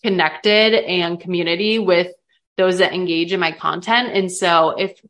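A woman's voice: fairly low pitch, fairly even intonation, a little slow, a bit bright. A young woman from the American Midwest, a podcast guest, talking in a chatty, open way with lots of likes and ums. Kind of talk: casual podcast interview.

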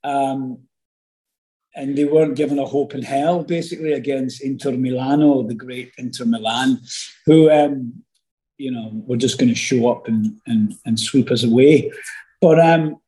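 A middle-aged Scottish man, an actor guest telling stories in a casual interview, animated and rambling with many fillers and restarts. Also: medium pitch, normal speed, low-quality recording. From Scotland.

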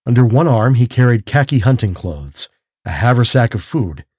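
A man narrating a calm bedtime mystery story and leading a guided breathing exercise, in a slow, soothing, measured voice. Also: medium pitch, husky, dry recording.

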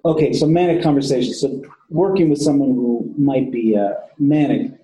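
A man's voice: medium pitch, moderate pace, mellow, echoey room, low-quality recording. A man who works with patients, giving a casual training talk to police officers and often repeating himself. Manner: conversational, repeats words, casual swearing. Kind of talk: training lecture.

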